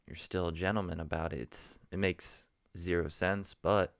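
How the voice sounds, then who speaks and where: Young jersey guy rambling jokey stories, low smooth voice, dry close sound. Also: fairly even intonation, moderate pace, no room sound. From New Jersey. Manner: rambling, jokey, self-interrupting. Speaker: vlogger. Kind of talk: casual storytelling vlog.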